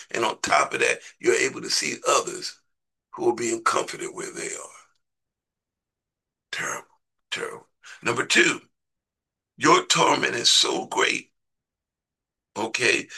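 A man's voice: medium pitch, creaky, sharp tone, breathy edge. A man preaching a sermon in a conversational way, repeating words and putting questions to his listeners.

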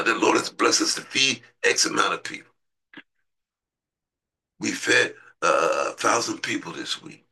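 A low, gravelly man preaches in a chatty sermon style. His voice swings widely, leaping up high when he gets excited, and it has a husky edge. He keeps asking his listeners rhetorical questions. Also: low-quality recording.

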